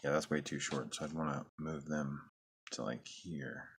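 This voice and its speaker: A man's voice: very deep voice, fairly even intonation, normal speed, creaky, husky. A man chatting casually as he draws, rambling and musing to himself with joking, self-deprecating asides. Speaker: artist drawing on camera. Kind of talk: casual drawing commentary.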